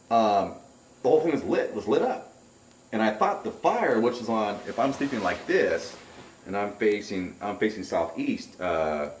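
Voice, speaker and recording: A man recounting a camping trip in a rambling, excitable way, caught on a distant mic. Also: on the low side, a little hiss or hum. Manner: rambling, excitable storyteller who acts out remembered shouts. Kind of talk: casual spoken recollection. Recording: roomy, distant home recording.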